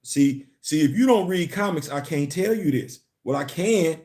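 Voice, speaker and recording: Guy hosting a comics livestream, kinda high voice, gets loud and animated, repeats himself a lot. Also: moderate pace. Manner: animated, repeats words, laughs and chats with viewers. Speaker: commentary channel host. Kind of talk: casual live-stream commentary.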